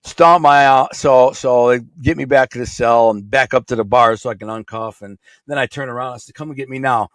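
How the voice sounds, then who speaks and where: A man's voice: mid-range voice, steady tone, a little fast, few pauses, fairly bright tone, no room sound, clean studio sound. A middle-aged man from Michigan with a Michigan accent, telling a rambling story in blunt, streetwise words as a podcast guest. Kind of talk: casual storytelling.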